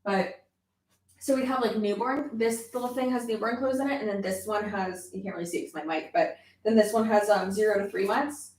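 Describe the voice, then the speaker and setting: A woman's voice: medium pitch, fairly quick, darkish tone, echoey room. A young woman chatting casually to viewers on a livestream, with lots of fillers and offhand swearing. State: pregnant. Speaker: YouTuber.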